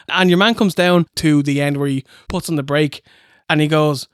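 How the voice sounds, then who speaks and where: An Irish man co-hosting a review podcast, telling animated stories and mimicking the people he talks about. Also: fairly high pitch, moderate pace, smooth, no echo, studio quality. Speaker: podcast co-host. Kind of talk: casual review chat.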